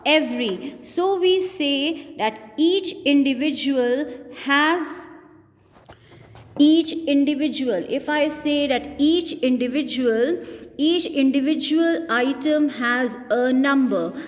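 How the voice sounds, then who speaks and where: A woman teaching an English grammar lesson, explaining slowly and repeating her example sentences. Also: high voice, big-room sound.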